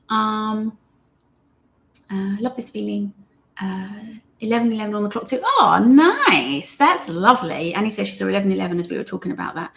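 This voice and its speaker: Gravelly-edged woman teaching meditation. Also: mid-range voice. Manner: gentle, chatty, reads viewer comments aloud. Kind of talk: live-streamed guided meditation lesson.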